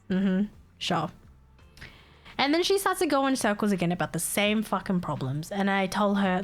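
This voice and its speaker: Woman streamer venting to chat, swears a lot, laughs a bunch, mid pitch, soft music behind. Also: expressive, moderate pace. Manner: exasperated, swears freely, laughs often. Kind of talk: casual storytelling to stream chat.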